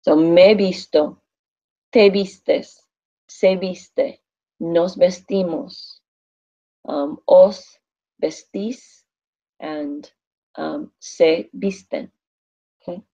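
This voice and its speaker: A woman's voice: fairly low pitch, very slow, long pauses, mellow, muffled recording. A woman teaching a Spanish class in a classroom, thinking aloud and quizzing her students.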